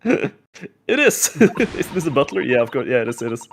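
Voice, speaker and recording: A streamer chatting casually while playing, excitable and laughing often. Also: mid-range voice, moderate pace, slight background noise.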